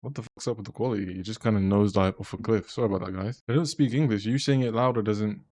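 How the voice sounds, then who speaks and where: A man's voice: on the low side, fast talker, a little mellow. A young man chatting and joking as he reacts to a film, swearing freely. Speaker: reaction video host. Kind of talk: casual reaction commentary.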